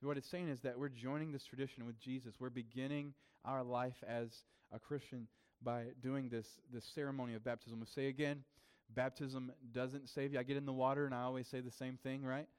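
Casual pastor preaching. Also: male voice, mid-range voice, flat delivery, brisk, darkish tone, smooth. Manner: casual, conversational preaching with fillers and restarts. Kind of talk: sermon.

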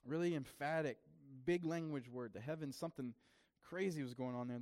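A man's voice: on the high side, brisk, a little mellow. A man preaching a sermon as pastor, in a casual, conversational way with frequent fillers and restarts.

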